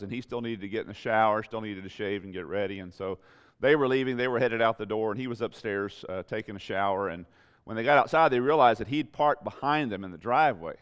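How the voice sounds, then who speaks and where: A man's voice: fairly low pitch, smooth. A man preaching a sermon as pastor, building emphatic repeated phrases with rising intensity.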